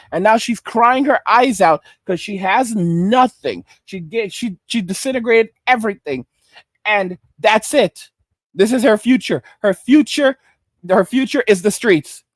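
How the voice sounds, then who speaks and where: A man's voice: high voice, unhurried, no echo, clean studio sound. A man from Arizona giving blunt, emphatic reaction commentary that he keeps punctuating with "all right?". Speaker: online commentator.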